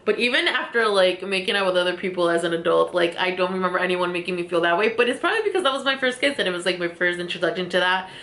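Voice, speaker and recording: A woman's voice: fairly low pitch, rapid-fire, few pauses, fairly bright tone. A young woman vlogger telling a story casually while doing her makeup, laughing often and using many fillers. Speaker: beauty vlogger. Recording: echoey room.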